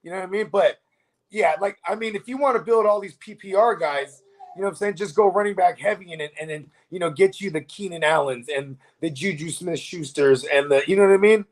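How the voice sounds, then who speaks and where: Man, fantasy football co-host, high voice, casual and profane, rambling. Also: a little fast. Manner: loose, profane, keeps asking "you know what I mean". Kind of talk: casual live-stream sports chat.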